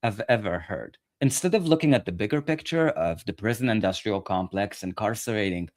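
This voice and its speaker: A man's voice: on the low side, lively intonation, brisk. Male political commentator ranting on camera, sarcastic and profane.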